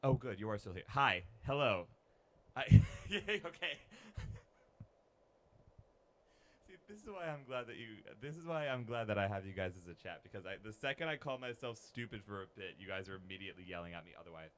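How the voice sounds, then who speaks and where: A male streamer chats casually with his audience, rambling playfully and poking fun at himself. His voice is bright and sits slightly low, and his pitch swings widely as he talks. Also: animated, a little fast, slight background noise. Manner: rambling, playful, self-deprecating. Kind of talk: casual live-stream chat.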